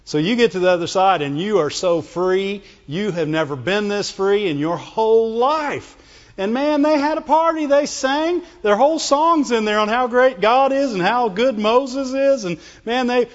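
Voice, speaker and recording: A man with a fairly high voice preaches a lively sermon, slipping into whiny put-on voices as he acts out his point. The sound is a bit dull and carries the long reverb of a big hall. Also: measured pace. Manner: animated, acts out whining voices, laughs often. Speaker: pastor.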